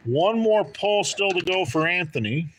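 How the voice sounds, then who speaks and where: A man's voice: sits high, animated, measured pace, a bit bright, a little hiss or hum. A man hosting a live trading card break stream, chatting and joking with viewers by name as he calls out draws. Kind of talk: casual live-stream commentary.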